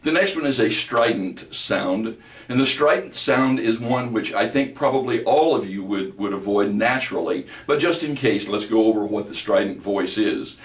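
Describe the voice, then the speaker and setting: Male voice coach, deep bass, steady lecturing tone; distant mic in a reverberant room. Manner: explanatory, measured teaching delivery. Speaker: voice instructor. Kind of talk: recorded lecture with vocal demonstrations.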